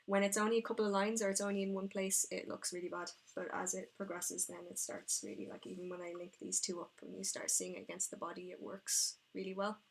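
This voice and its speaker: Chatty, excitable woman painting live. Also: medium pitch, fast talker, gravelly, few pauses, breathy edge. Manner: chatty, excitable and rambling, often talking to herself. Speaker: miniature painter streaming her work. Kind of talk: casual live-stream chat while painting.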